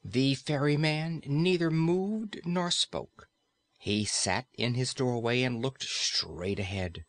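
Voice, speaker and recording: A man narrating a classic fairy-tale audiobook in a steady, expressive storytelling way. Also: mid-range voice, slow, no echo.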